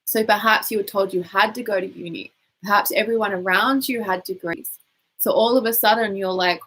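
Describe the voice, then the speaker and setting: A woman guiding a tapping session, calmly giving instructions and phrases for the listener to repeat aloud. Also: mid-range voice, a little fast, husky, rough recording. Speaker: tapping coach.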